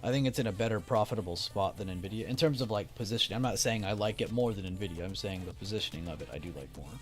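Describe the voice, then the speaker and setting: A man's voice: fairly low pitch, fast. A young man casually chatting on a stock trading live stream, reading chat and talking loosely with restarts. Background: faint music.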